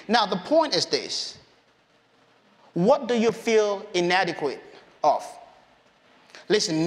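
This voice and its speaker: A man preaching a conversational sermon in a church hall. He acts out the voices of Bible characters in his own voice. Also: sits high.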